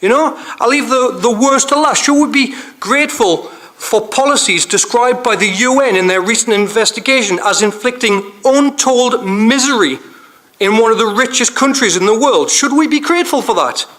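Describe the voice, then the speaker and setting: A man speaks in a council chamber, his voice sitting high. He is plainly angry, driving his speech forward with one repeated rhetorical question after another. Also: animated, moderate pace, fairly bright tone.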